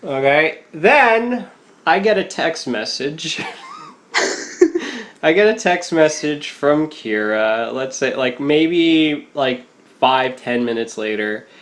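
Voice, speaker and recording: A young man co-hosting a casual podcast, telling a story in an animated way, laughing often and acting out quotes. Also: on the high side, slow. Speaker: podcast co-host.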